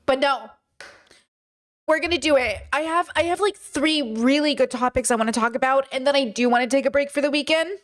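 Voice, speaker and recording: A woman's voice: high voice, fairly quick. A worn-out woman streamer talking frankly to her chat about her exhaustion, her voice a bit shaky. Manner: tired, confessional, shaky voice. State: exhausted and drained. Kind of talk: casual livestream chat.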